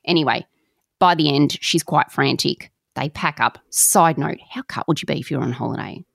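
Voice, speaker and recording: Woman, low voice with a gravelly fry, dry close sound, lively casual storyteller, slangy, swears now and then. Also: moderate pace, no echo. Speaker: podcast co-host.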